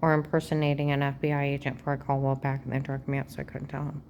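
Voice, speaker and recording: Low-pitched lady going off in a rambling vlog rant, aggrieved, slipping into hushed half-whispers. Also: completely flat delivery, racing, gravelly, noisy background. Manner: agitated, aggrieved, jumps between claims. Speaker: vlogger. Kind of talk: rambling personal monologue.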